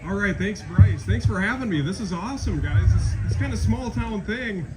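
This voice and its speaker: A man's voice: high-pitched, expressive, moderate pace, over loud music, rough recording. A man in his forties with a Minnesotan accent doing a rambling, self-deprecating stand-up set into a close stage mic at a small-town event. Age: 40s. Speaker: stand-up comedian. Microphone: handheld stage mic, held close.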